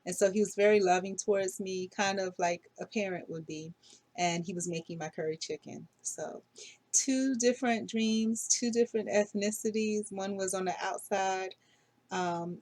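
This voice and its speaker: A dream vlogger in middle age speaks at a moderate pace, her voice fairly low, steady, and darkish. She recounts her dreams casually in a diary-style monologue, wandering and hesitant, with lots of fillers and self-corrections.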